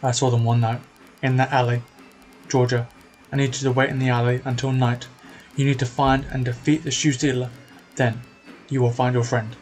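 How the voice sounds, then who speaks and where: A man voicing a wise, cryptic talking cat in a video game, speaking slowly with formal, solemn phrasing over faint music. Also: mid-range voice, little pitch movement, a little mellow, close to an everyday voice, rough recording.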